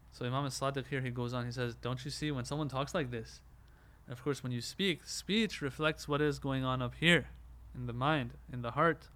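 A man giving a religious lecture, explaining step by step, asking questions and answering them himself, and reciting Arabic quotations quickly. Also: medium pitch, a bit bright. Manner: explanatory, asks and answers his own questions.

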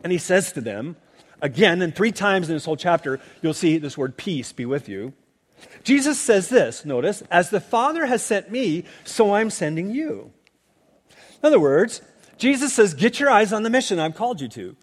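A man's voice: sits high, sing-song, normal speed. A man preaching a sermon, teaching through scripture with emphatic asides to the listeners. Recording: long reverb of a large hall.

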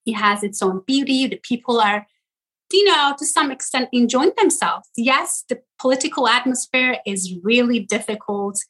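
Woman, from Iran, middle-aged, husky, bright tone, animated interview chat. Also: a little high, rough recording. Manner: animated, talks in quick bursts and often checks in with "right?". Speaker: social media content creator, guest.

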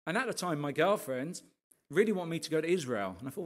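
A man, a pastor, giving a lively sermon testimony full of asides to his listeners and passionate outbursts. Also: fairly high pitch, fast talker. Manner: animated storytelling, rising to impassioned rants with frequent asides to the audience.

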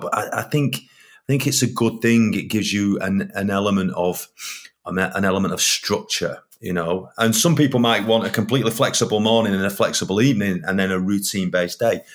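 A man with a Northern English accent hosts a relaxed podcast chat. He rambles in a low voice and often circles back over the same phrases. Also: fairly quick. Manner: rambling, repeats his phrases. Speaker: podcast host. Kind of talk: casual chat.

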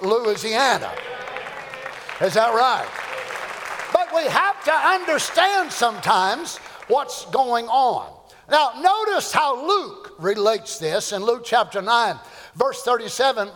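A man's voice: very high-pitched, a bit bright. A man preaching a fervent, folksy sermon in a church. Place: church sanctuary. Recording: echoey church hall.

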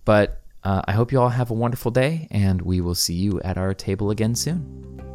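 A man's voice: on the low side, normal speed, a little mellow, soft background music. A young man hosting a solo podcast from a room in his house, talking casually with lots of fillers. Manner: casual, rambling, many fillers. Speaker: podcast host. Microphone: studio microphone.

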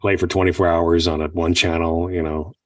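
A man's voice: deep voice, little pitch movement, brisk, dry recording, distant mic. A man co-hosting a casual movie podcast, mostly giving short agreeing replies and the odd dry joke. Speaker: podcast co-host. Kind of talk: casual chat about movies.

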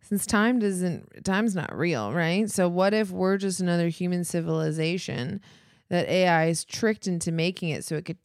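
An American woman co-hosting a casual podcast, bantering playfully with crude jokes and quick laughs. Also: lowish voice, a little mellow, no echo, clean studio sound. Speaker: podcast co-host.

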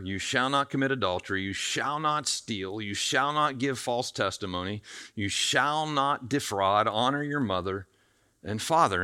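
A man preaching a conversational sermon, acting out the quoted voices with lively shifts in loudness. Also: mid-range voice. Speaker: pastor.

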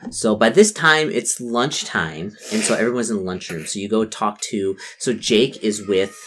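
Very deep-voiced woman game master. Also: fairly bright tone, slight background noise. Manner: chatty and halting, with many restarts, quizzing the player. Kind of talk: narrating a tabletop role-play game.

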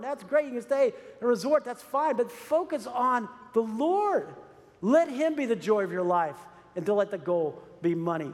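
A man's voice: extremely high pitch, lively intonation, normal speed. A man preaching a sermon as pastor, earnest and urging, repeating phrases for emphasis. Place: church sanctuary. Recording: long reverb of a large hall.

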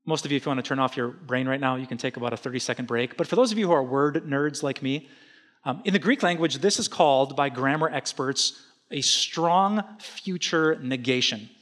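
Energetic, joking middle-aged pastor. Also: male voice, mid-range voice, fairly quick. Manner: energetic, conversational, humorous. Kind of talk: sermon.

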